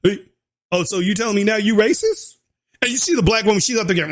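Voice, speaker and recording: A man giving casual reaction commentary on a video, animated and mocking, often mimicking the people he watches. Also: sits high, fast talker.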